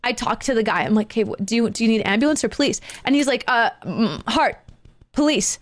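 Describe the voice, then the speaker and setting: A woman telling a story with animated excitement, acting out each voice in it and laughing often. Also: a little high, racing, dry recording. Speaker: streamer.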